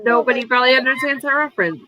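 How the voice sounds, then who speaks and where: A woman's voice: high voice, racing, a crowd in the background, rough recording. A woman from Alabama making sarcastic jokes in a casual group video chat, a little tipsy. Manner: wisecracking, sarcastic asides.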